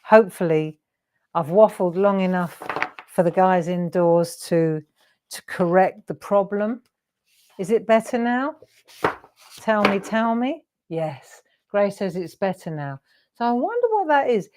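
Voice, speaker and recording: A woman's voice: mid-range voice, expressive, a little slow, darkish tone, a little hiss or hum. A middle-aged woman hosting a live craft demonstration, chatty and encouraging, often asking her viewers questions. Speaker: craft show host.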